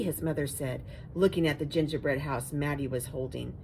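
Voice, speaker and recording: A woman reading a children's picture book aloud, expressive and asking listeners about the pictures. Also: low voice, moderate pace, few pauses, a little hiss or hum, low-quality recording.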